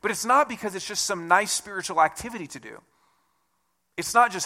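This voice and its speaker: A man with a high, bright voice gives a sermon in a loose, conversational way. He jokes at his own expense and talks as a pastor would to his congregation. His tone is lively and clear. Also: moderate pace, pauses often. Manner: conversational, self-deprecating asides.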